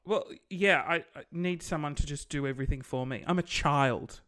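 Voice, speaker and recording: A man in casual podcast chat, telling stories in an animated, self-deprecating way. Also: a little high, normal speed.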